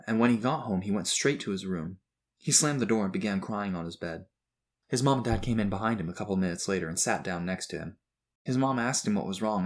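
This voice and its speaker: A man narrating a storybook in a measured, expressive reading. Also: lowish voice.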